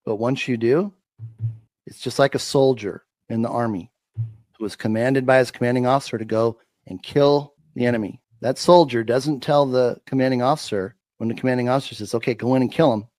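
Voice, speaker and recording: A man talks with the emphatic cadence of a preacher, hammering and repeating his points. His voice sits at an ordinary middle pitch. The sound is dry and close, with no room echo. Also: steady tone, fairly quick, darkish tone. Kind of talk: preachy faith-filled commentary.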